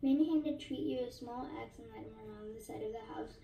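A woman reading a novel aloud in a steady voice, with small slips she corrects. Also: on the high side, a little fast, gravelly, distant mic. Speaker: narrator. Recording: echoey room, voice off-mic.

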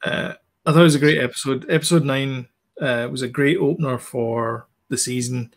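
A man's voice: medium pitch, moderate pace, gravelly. A man co-hosting a casual podcast chat, talkative and detailed, restarting his sentences often. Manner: chatty, many fillers and restarts, explains details. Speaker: podcast co-host.

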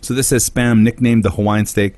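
Casual male podcast co-host, fairly low-pitched, chatty delivery of trivia. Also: level tone, a little fast, darkish tone, no echo. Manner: chatty, reads facts aloud with filler words.

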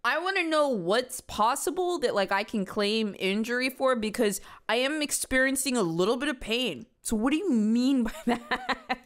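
Young woman going off about a video, fairly high voice, loud and animated, lots of swearing. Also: normal speed. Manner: animated, exclaiming, laughing, swearing. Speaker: commentator reacting to bodycam footage. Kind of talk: casual reaction commentary.

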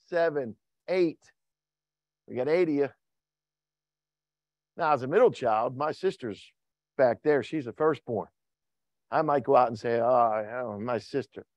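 A man preaching a Wednesday night sermon who acts out voices and shouts for effect. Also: a little high, dry recording, lo-fi sound. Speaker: pastor.

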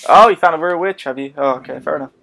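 Excitable high-voiced man playing a game. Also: very fast, gravelly. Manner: excitable, exclaiming and joking to himself. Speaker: gaming video host. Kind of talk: let's play commentary.

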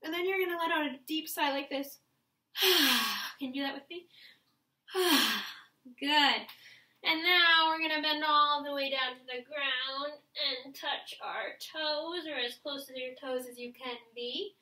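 A woman's voice: high voice, fairly even intonation, normal speed, pushed and bright, reverberant, poor audio. A woman teaching a clarinet lesson, encouraging her students and guiding them step by step through stretches and breathing, with audible breaths and sighs as she demonstrates. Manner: encouraging, guides listeners step by step. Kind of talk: instructional video lesson.

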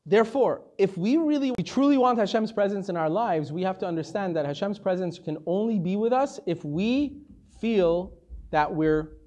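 Male rabbi, high voice, chatty storytelling Torah lesson. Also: lo-fi sound. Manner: animated, conversational, sprinkles Hebrew terms.

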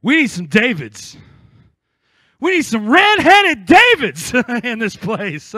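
A man's voice: very high-pitched, huge pitch swings, takes it slowly, sharp tone, no echo, clean studio sound. A man from the United States, a pastor preaching an impassioned sermon with joking asides.

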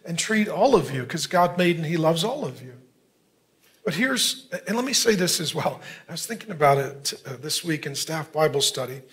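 A man in his fifties preaching a sermon as a pastor, conversational, dropping to a near hush for emphasis. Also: on the high side, big pitch swings, normal speed. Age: 50s.

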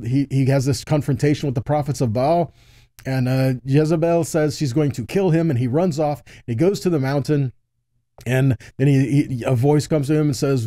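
A man's voice: fairly high pitch, dark tone, dry recording, clean studio sound. A man giving a Bible teaching, reading passages aloud and breaking off into asides and repeated words. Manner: reads scripture aloud with frequent asides and repetitions.

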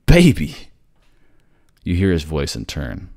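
A man giving measured, descriptive second-person narration for a noir audio drama. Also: a bass voice, lively intonation, vocal fry, darkish tone, no room sound, clean studio sound.

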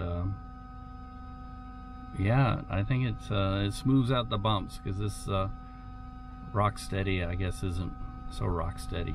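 A man talking casually to his handheld camera for a vlog, rambling and halting with lots of fillers. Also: low voice. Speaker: vlogger. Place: outdoors in wind, on the move. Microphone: action camera on a handheld gimbal.

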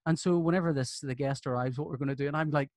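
A man's voice: fairly high pitch, fast talker, no room sound, clean studio sound. A man in his fifties with a Northern Irish accent, a podcast guest telling jokey stories in casual chat. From Northern Ireland. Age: 50s. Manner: animated, jokey storyteller who breaks into laughter. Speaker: podcast guest, comics artist.

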